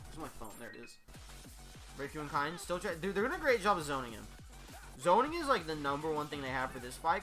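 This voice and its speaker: A commentator giving casual, excited play-by-play of computer fighting matches. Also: mid-range voice, fairly quick, over music.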